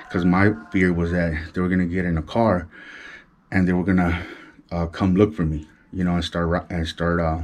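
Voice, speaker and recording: A man's voice: deep voice, flat delivery, moderate pace, darkish tone, a little hiss or hum. A middle-aged man from Los Angeles with a Chicano LA accent, telling a street story in casual slang and keeping his voice down. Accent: Chicano Los Angeles English. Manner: street slang, imitates gunshots with his mouth; keeps voice down so as not to wake his wife. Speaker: vlogger.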